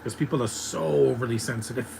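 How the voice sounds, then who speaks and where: A man's voice: medium pitch, fast, gravelly, noisy background. A man in his thirties giving opinionated, ranting live commentary while watching a movie, laughing often. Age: 30s.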